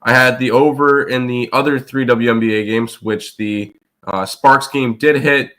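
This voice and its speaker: A man hosting a live sports betting show, congested and rough-throated, recapping results in a rambling way full of fillers. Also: medium pitch, fairly even intonation, normal speed, fairly bright tone. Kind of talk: casual live-stream chat.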